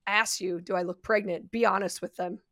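Woman with a gravelly voice and wry quips. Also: mid-range voice, fairly even intonation, brisk, pushed and bright. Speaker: podcast co-host. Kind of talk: casual podcast chat.

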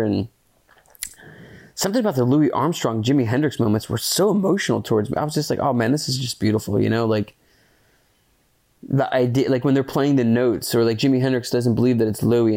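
On his solo podcast, a man casually reviews a film, rambling and using lots of fillers. He comes across as earnest and excitable, swears casually, and speaks at a medium pitch.

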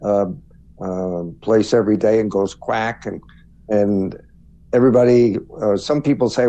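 A male guest speaker on a spiritual talk show, speaking in a measured way with many fillers. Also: fairly low pitch, fairly even intonation, dark tone. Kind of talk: casual interview talk. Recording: dull lo-fi sound.

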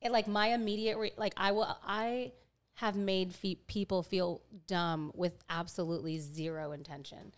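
A woman's voice: medium pitch, fairly even intonation, normal speed. A woman, likely in her thirties, talking bluntly and candidly in a casual chat, with casual swearing.

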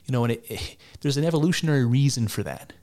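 A man's voice: mid-range voice, lively intonation, fast, warm tone. A man giving casual spoken commentary on clips, argumentative and wry, with frequent restarts and mock laughter.

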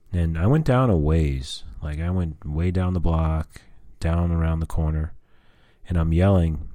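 A deep-voiced man rambles through a casual personal vlog, dropping fillers and curse words as he catches up with his viewers. His tone is dark and mellow, and the recording is dry and close. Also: no room sound. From US Southwest. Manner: rambling, frequent fillers and cursing. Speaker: vlogger.

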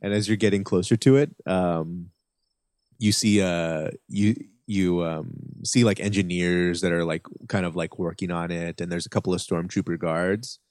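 Very deep-voiced game master. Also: male voice, steady tone, darkish tone, no echo, clean studio sound. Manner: casual, halting narration full of fillers. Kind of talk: narrating a tabletop game.

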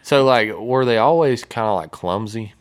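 A man's voice: mid-range voice, expressive, normal speed, clear, resonant tone. A man co-hosting a casual podcast, joking and sarcastic, asking questions. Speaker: podcast co-host.

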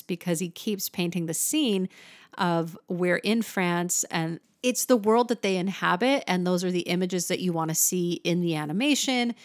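A woman teaching a lesson on song lyrics, talking in an animated way and singing short snippets to show her points. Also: on the low side, dry recording, studio quality. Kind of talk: explanatory lesson.

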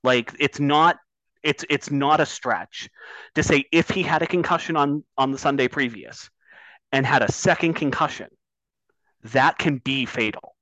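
A man's voice: medium pitch, a little slow, fairly bright tone, dry recording, low-quality recording. A man talking sports on a podcast, building up heat and swearing when he gets worked up. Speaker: podcast co-host. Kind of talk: casual sports talk.

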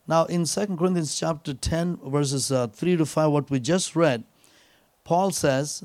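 A man preaching a sermon in a fairly high voice, weaving a personal story around a repeated scripture line. He keeps dropping in "praise God" and "hallelujah" between phrases. The sound is dry and close, with little room around it. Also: a little slow, a little mellow, no echo. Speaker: guest preacher.

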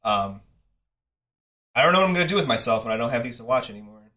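A man's voice: medium pitch, animated, fast, sharp tone. A man hosting a casual podcast, wry and self-mocking as he chats. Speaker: podcast host. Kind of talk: casual chat.

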